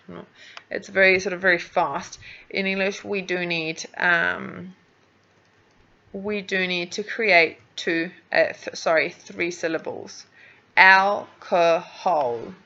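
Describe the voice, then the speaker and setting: A woman's voice: lowish voice, fairly even intonation, a little slow, vocal fry, a bit bright, dull audio. A woman whose first language is Spanish, an English teacher giving recorded feedback on a speaking task, patiently sounding out words for pronunciation.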